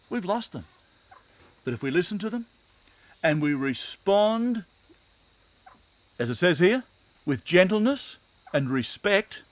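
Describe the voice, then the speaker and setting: A middle-aged preacher delivers a sermon in an earnest storytelling manner. His voice sits a little high for a man, and it is recorded close and dry with no room sound. He drives points home by repeating phrases. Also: dry recording, low-quality recording.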